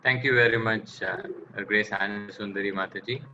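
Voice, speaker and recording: A man's voice: lowish voice, fairly even intonation, moderate pace, lo-fi sound, music in the background. A man moderating a program, thanking speakers and introducing the next one in a polite, formal way.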